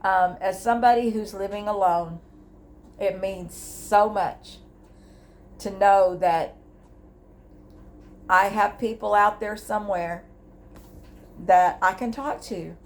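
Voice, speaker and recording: A woman's voice: medium pitch, steady tone, slow pace, pauses often. Older woman, home vlog to camera, earnest and rambling, open about her feelings. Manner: candid, emotional, rambling with restarts. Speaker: grief vlogger. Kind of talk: candid personal vlog. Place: at home, indoors. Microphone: device camera.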